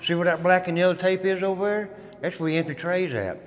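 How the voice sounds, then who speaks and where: A man's voice: high-pitched, fast talker. A man who served time, giving a dramatic, folksy storytelling tour and calling his listeners guys. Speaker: former inmate giving a prison tour. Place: inside an old prison. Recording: long echo of a stone hall.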